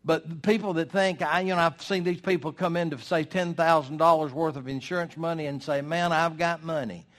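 An older man preaching a sermon in a folksy, emphatic way, with dramatic pauses. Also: on the high side, fairly even intonation, fairly bright tone.

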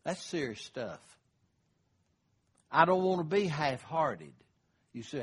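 A man's voice: on the high side, very animated, takes it slowly, breathy edge. An older man, preaching a sermon in a folksy, conversational way. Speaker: pastor.

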